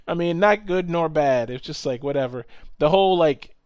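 A man telling a story in casual chat, animated, swearing often and acting out what people said. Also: on the high side, normal speed, dry recording.

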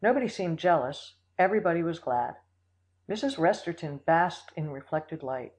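An audiobook reader narrating a classic story in a steady, measured way. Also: mid-range voice, rough recording. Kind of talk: scripted narration.

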